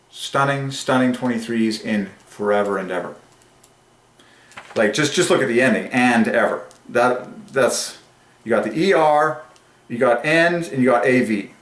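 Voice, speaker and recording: Man, solo religious monologue, excitable, emphatic, drawn-out phrases, mid pitch, roomy echo. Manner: emphatic and excitable, drawing out key phrases slowly. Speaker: religious channel host.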